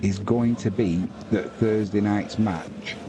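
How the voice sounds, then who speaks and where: A man's voice: lowish voice, steady tone, slow pace, noisy background. A man hosting a live football watch-along, commentating and chatting casually with viewers. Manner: chatty, talks to viewers and reads out chat messages.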